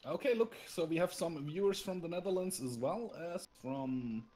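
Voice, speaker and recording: A man's voice: a little high, expressive, moderate pace, darkish tone. A man streaming a strategy game, chatting casually, laughing often and reading out viewer comments. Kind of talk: casual gaming stream chat.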